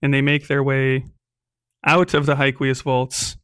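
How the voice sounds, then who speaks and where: A man's voice: medium pitch, little pitch movement, measured pace, a bit bright, clean tone, no room sound, clean studio sound. A man casually narrating and playing a solo tabletop role-playing game, rambling a little with frequent ums.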